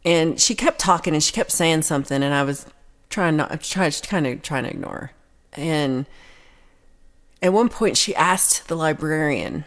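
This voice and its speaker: A woman's voice: sits low, moderate pace. Rambling woman telling a story. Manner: rambling storytelling with many restarts. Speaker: livestream host. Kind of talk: casual chat on a livestream.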